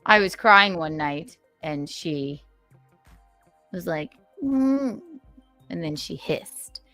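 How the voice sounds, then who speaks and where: A woman's voice: low voice, slow, sharp tone, faint music behind. A woman hosting a casual livestream, chatting and playfully reading out viewer donations. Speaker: livestream host.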